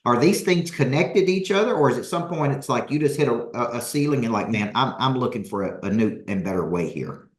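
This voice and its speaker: A man's voice: medium pitch, expressive, fairly quick, few pauses, reverberant. A man hosting a live coaching session, talking energetically and rallying his audience with questions. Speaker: business coach, host.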